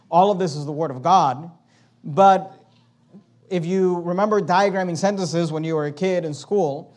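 High-voiced male pastor preaching. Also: a little mellow. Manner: expository preaching, slows and stresses scripture quotes. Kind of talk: sermon.

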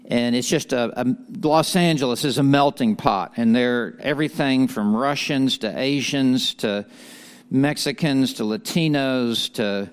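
A man praying and then teaching a morning men's Bible study, earnest and measured, with light joking asides. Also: medium pitch, smooth. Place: live morning gathering with an audience.

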